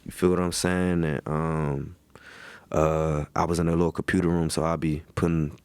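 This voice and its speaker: A man's voice: rumbling low, level tone, moderate pace, a little mellow, smooth, no echo. A man in his thirties, a pro football player, chatting as a guest in laid-back slang and telling his story with lots of "you feel me" tags. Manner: acts out quoted voices animatedly. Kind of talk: casual storytelling chat.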